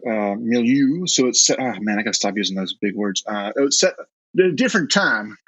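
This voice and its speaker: A man with a Southern US accent, an author chatting in an interview, self-deprecating and halting with many restarts. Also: medium pitch, lively intonation, fairly bright tone, slightly rough, no echo, muffled recording. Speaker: guest author. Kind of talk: casual interview chat.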